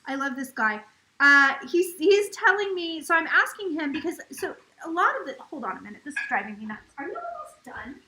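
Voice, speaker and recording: Bright, gushing woman livestreaming from home. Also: high voice, sing-song, fairly quick, roomy sound. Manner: chatty and gushing, relays a spirit's words in quotes. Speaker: psychic livestream host. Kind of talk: casual live-stream chat. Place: home, near a kitchen.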